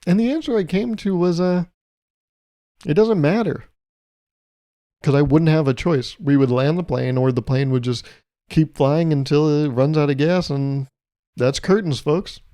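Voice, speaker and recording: A man's voice: on the high side, a little slow, pauses often, dark tone, dry recording, clean studio sound. A young man hosting his podcast, telling a travel story in a casual, comedic way with exasperated, swearing rants. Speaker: podcast host.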